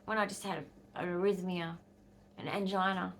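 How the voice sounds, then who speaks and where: A woman's voice: lowish voice, lively intonation, moderate pace, vocal fry, a bit bright, slight background noise. An Australian woman in her fifties, talking bluntly and angrily to camera in a casual vlog, swearing freely. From Western Australia. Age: 50s. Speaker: vlogger.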